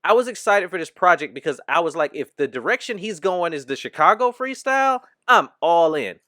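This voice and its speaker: A man's voice: fairly high pitch, big pitch swings, a little fast, bright, forceful tone, dry recording, studio quality. A man hosting a comedy podcast, talking in a loose, slangy way and laughing often. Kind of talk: casual chat.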